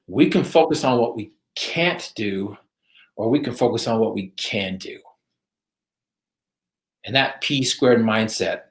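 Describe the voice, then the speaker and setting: A man's voice: fairly low pitch, unhurried, long pauses. A man guest telling a personal story in an earnest, emphatic way. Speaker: podcast guest. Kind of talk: motivational storytelling. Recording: roomy echo.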